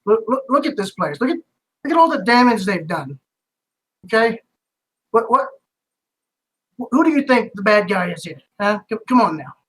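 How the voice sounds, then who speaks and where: A game master voicing an angry, foul-mouthed male bartender who shouts and complains frantically. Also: medium pitch, sing-song, moderate pace, long pauses, natural voice, low-quality recording. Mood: indignant.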